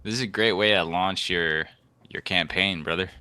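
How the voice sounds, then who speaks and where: Deep, crisp-voiced male moderator. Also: steady tone, moderate pace, bright, forceful tone. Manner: joking, teasing banter. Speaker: debate moderator reading donations. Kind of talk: casual live-stream chat.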